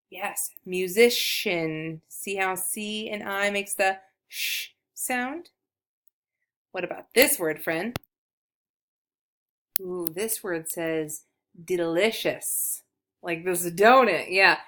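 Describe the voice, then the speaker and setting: A woman teaching an early reading lesson to young children, speaking in an encouraging, clear way. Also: medium pitch, fairly bright tone.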